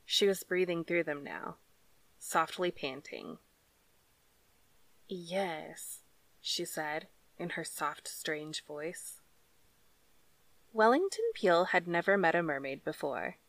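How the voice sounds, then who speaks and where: A woman narrating a story in a measured, deliberate reading style. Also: lowish voice, sing-song, a bit bright. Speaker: audiobook narrator.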